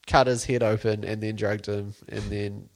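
A man's voice: fairly low pitch, flat delivery, normal speed. A man co-hosting a podcast, chatting casually and laughing as he jokes about a TV episode. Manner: laughs often, quotes characters in a mocking voice. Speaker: podcast co-host. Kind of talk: casual chat recapping a TV episode.

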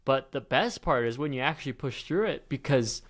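A young man co-hosting a podcast, speaking calmly and reflectively in casual chat, with a lot of "like". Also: medium pitch, a little fast. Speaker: podcast co-host.

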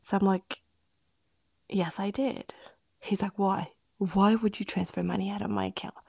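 Gravelly, mellow woman telling a story. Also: medium pitch, steady tone, moderate pace, dry recording. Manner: candid, rambling, drops into hushed whispers when retelling. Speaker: podcast co-host. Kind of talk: casual storytelling chat.

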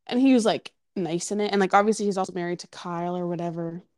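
A woman's voice: on the low side, steady tone, fast, darkish tone, no echo, clean studio sound. A woman co-hosting a podcast in casual chat, rambling with many fillers and restarts. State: has the hiccups. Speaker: podcast co-host.

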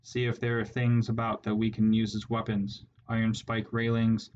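A contemptuous rat warlord barks his commands with a cruel snarl, as a man reads him in a storybook. The voice sits low and moves little in pitch. The recording is dull and lo-fi, with faint noise behind it. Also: completely flat delivery, normal speed, darkish tone, lightly acted. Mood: snarling, commanding. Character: harsh scarred male rat warlord.

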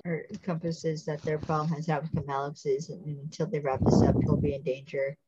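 A woman's voice: low-pitched, fairly quick, highs cut off, very noisy. A woman co-hosting a casual podcast, recapping a TV episode and acting out the characters' lines. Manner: animated, acts out characters' lines. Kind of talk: casual chat.

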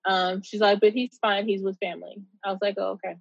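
A woman's voice: medium pitch, little pitch movement, quick pace, creaky, no room sound, highs cut off. A woman guest telling a casual, candid story in an interview, swearing freely and retelling it with animation.

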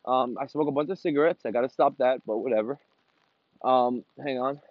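A man's voice: mid-range voice, brisk, dry recording, highs cut off. A man hosting his own podcast, ranting casually and with a lot of swearing while he walks outdoors in the rain. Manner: profane, ranting, rambling. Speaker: podcast host. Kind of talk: casual monologue.

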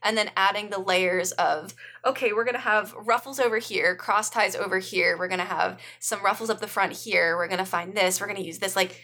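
Bright woman co-host, chatty and excited, keeps restarting sentences. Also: mid-range voice, a little fast. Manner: enthusiastic, rambling, many restarts. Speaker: podcast co-host. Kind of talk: casual chat.

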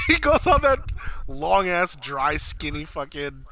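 Excitable, bright-voiced young man. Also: fairly high pitch, takes it slowly, vocal fry, slight background noise, poor audio. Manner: excitable, swears a lot, acts out quotes loudly. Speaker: podcast co-host. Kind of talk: casual chat.

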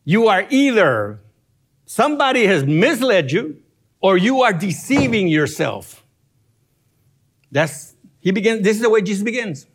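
A man teaching from scripture in an expository sermon, animated and chuckling as he explains grammar step by step. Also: sits high, unhurried, long pauses. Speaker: Bible teacher.

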